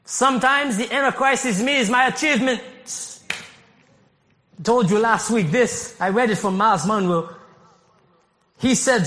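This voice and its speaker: A man from Haiti preaching a sermon as pastor, animated, laughing often and rising to shouts. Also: very high-pitched, measured pace. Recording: long hall reverb.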